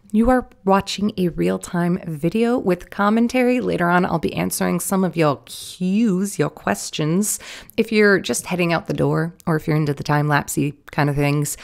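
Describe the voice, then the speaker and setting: A young woman, a little hoarse, chatting casually and playfully with jokey asides while she draws. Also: on the low side. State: slightly hoarse. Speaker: art vlogger. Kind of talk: casual commentary while drawing.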